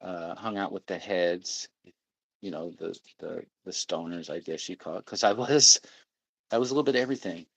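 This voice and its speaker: A man's voice: sits low, normal speed, gravelly, fairly bright tone, breathy edge, no echo, low-quality recording. A middle-aged man hosting a casual livestream, rambling and reading out viewer comments. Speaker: livestream host.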